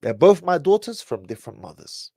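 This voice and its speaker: Animated man on a livestream. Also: fairly high pitch, a little fast, vocal fry, no echo, studio quality. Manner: animated, sighing often. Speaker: livestream host. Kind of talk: casual livestream talk.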